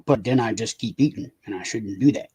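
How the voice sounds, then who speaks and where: Husky man rambling in casual chat. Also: on the low side, fairly quick, darkish tone. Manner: rambling, swears casually, repeats words. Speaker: live stream co-host.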